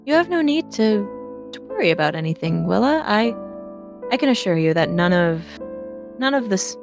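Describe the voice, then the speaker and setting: A charming young duke, genteel and easygoing, voiced by a woman in a role-play. He reassures gently. Soft music runs faintly behind. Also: mid-range voice, very animated, moderate pace, vocal fry. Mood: reassuring.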